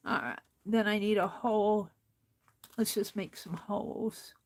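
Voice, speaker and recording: A woman's voice: mid-range voice, fairly even intonation, unhurried. A woman hosting an art journaling demonstration, talking to herself as she stitches in a book and getting mildly frustrated. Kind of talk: casual crafting demonstration.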